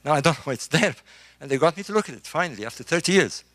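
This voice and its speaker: A middle-aged man, a construction engineer, giving an emphatic, animated talk to a group in a room. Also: on the high side, fast, no room sound. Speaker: speaker on ancient engineering. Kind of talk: lecture-style talk to a live group.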